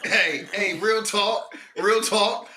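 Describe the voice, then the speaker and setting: A man co-hosting a casual podcast chat, loud and exclaiming, laughing and swearing as he rants. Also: high-pitched, takes it slowly. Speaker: podcast co-host. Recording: echoey room with steady noise.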